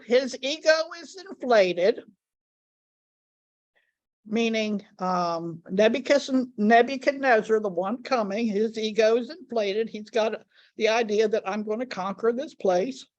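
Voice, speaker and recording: A woman teaching a Bible study lesson, speaking deliberately and repeating key words for emphasis. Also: fairly high pitch, darkish tone, highs cut off.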